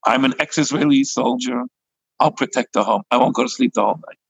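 A calm, kindly rabbi, as a male storyteller plays him, speaking in a low and steady way. The voice is gravelly and husky. He reassures his household and his guest. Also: fast, lo-fi sound, exaggerated voice. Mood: reassuring. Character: kind older rabbi host, calm protector.

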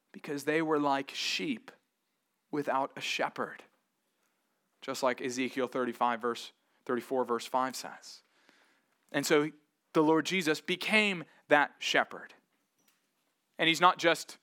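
A man's voice: high-pitched, sharp tone. A man preaching an earnest sermon with a conversational manner, asking rhetorical questions and rising into emphatic moments. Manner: conversational, casual asides. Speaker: pastor.

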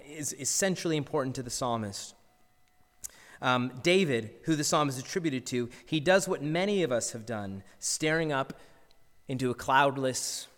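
A man's voice: medium pitch, a bit bright, big-room sound. A male pastor preaching a sermon earnestly, asking his listeners rhetorical questions.

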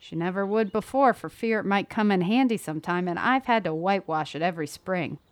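A woman's voice: medium pitch, brisk, no room sound, lightly acted. A woman voicing a kindly, small, older spinster who speaks amiably and reassuringly.

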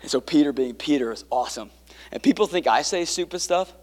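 A man preaching a sermon, swinging between quiet, intimate passages and emphatic ones, with joking asides to the congregation. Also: a little high, animated, a little fast, long reverb tail. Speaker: pastor.

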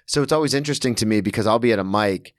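Guy in his 30s rattling off comedy stories quick, dry close sound, lots of swearing. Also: on the low side, no room sound. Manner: fast, rambling, swearing, acts out quotes. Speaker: stand-up comedian, podcast host. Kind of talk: casual chat.

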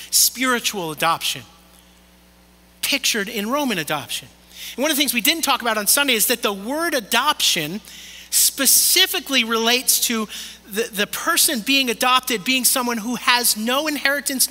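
Man, pastor, sermon, high voice, very bright, earnest and pleading. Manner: earnest, pleading, drops soft and slow for emphasis. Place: church hall, also streamed online. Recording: long hall reverb.

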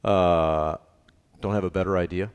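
A man's voice: deep voice, steady tone, a little slow, clear, resonant tone, muffled recording. A middle-aged man preaching a sermon on marriage, emphatic and joking, repeating his key lines. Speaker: pastor.

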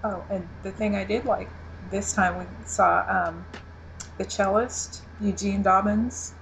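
A woman co-hosting a casual TV recap chat, giggling often and pausing with ums and restarts. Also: mid-range voice, fairly even intonation, gravelly, slight background noise, poor audio. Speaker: podcast co-host.

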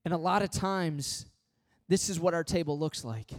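A man preaching a sermon as pastor, swinging from loud pleading questions to hushed, earnest appeals. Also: on the high side, normal speed.

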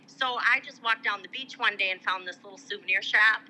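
A woman's voice: medium pitch, fairly quick, rough recording. A middle-aged woman from Michigan telling a long personal story in casual chat, acting out the voices of people she quotes. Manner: animated, acts out quoted voices. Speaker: guest.

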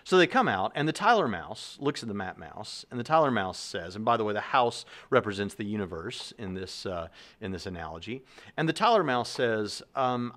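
A man's voice: fairly low pitch, lively intonation, fairly quick, fairly bright tone. A man hosting a video, explaining casually and thinking aloud with many fillers and restarts. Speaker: Christian apologist video host. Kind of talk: casual talk to camera.

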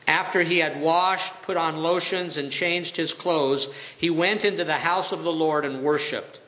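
Slow, earnest preacher in an echoey room. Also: male voice, on the high side, pushed and bright. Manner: slow, earnest preaching, reading verses aloud. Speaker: pastor. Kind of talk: sermon with scripture reading.

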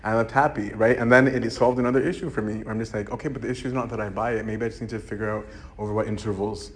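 A man's voice: on the low side, fairly even intonation, fast. A man, a monk, giving an informal, conversational sermon and often checking in with "right?". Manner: conversational, keeps asking "right?". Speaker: monk preacher.

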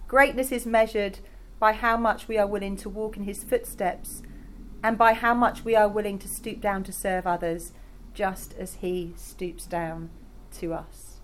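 A woman's voice: mid-range voice, steady tone, unhurried, fairly bright tone. A woman preaching a sermon in a conversational, enthusiastic way, speaking directly to her congregation. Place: church in Rotterdam.

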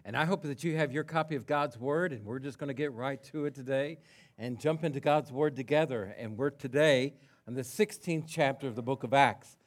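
A pastor preaching a sermon to his congregation in a conversational way, telling a story with quiet asides. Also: mid-range voice, a little fast.

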